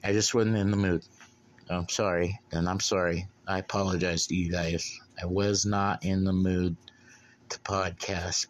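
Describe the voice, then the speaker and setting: Solo podcast host, man, low-pitched, profane and laid-back rambler. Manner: profane, blunt, drinking beer while talking.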